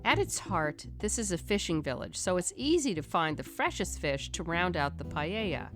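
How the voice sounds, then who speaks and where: A woman's voice: lowish voice, expressive, normal speed. A woman reading scripted voice-over narration for a travel cooking show. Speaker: host narrating. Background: guitar music.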